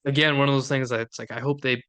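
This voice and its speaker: A man's voice: medium pitch, fairly even intonation, very fast, pushed and bright, clear, resonant tone. A man co-hosting a golf podcast from Minnesota, chatting casually and upbeat, laughing often. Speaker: podcast co-host. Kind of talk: casual chat.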